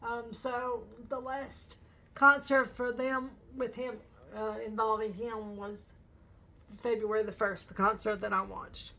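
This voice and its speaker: A woman's voice: on the high side, little pitch movement, slow, sharp tone. A woman chatting casually as a fan vlogger, rambling with lots of fillers and bursts of laughter. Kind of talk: casual chat to camera.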